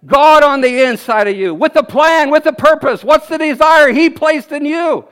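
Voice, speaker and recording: A man in his fifties preaches at a church service, his voice strikingly high. He talks with bursts of energy, exclaiming and chuckling as he goes. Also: normal speed. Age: 50s. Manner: energetic, exclaiming, laughing often. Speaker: guest preacher. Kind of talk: sermon.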